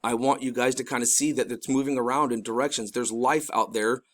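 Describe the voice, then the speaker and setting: A man's voice: medium pitch, steady tone, fairly quick. Urgent, pleading middle-aged man. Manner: rambling with restarts. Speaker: video host. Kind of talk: casual narrated commentary.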